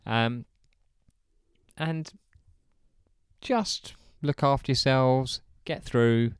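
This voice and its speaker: A man's voice: mid-range voice, drawn-out words, smooth, no room sound. A man hosting a podcast, chatting in a rambling, friendly way and correcting himself as he goes. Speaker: podcast host. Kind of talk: casual podcast sign-off.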